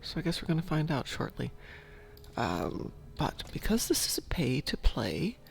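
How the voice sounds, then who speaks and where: A freshly woken man hosting a video game stream, chatting and rambling as he thinks aloud. His gravelly voice sits a little high and swings lively up and down, with faint music in the background. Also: normal speed, in a whisper. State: sleepy, just woke up. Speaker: gaming channel host. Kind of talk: casual gameplay commentary.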